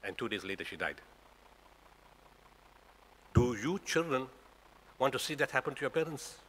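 A South African guest speaker in his sixties delivers a Friday talk in a mosque prayer hall, quizzing the congregation with rhetorical questions in his South African accent. His medium-pitched voice has a sing-song lilt and a fairly bright tone at a moderate pace. The echoey recording has a little hiss or hum.

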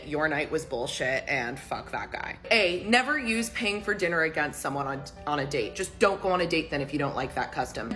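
A woman's voice: fairly low pitch, fairly bright tone. A woman telling a story from a date to her followers in a casual, swear-heavy, exasperated rant. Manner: profane, exasperated, fast storytelling. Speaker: TikTok storyteller.

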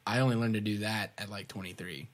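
A man's voice: lowish voice, steady tone, fast. A man co-hosting a podcast, rambling casually and hesitating with many filler sounds. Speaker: podcast co-host. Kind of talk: casual chat.

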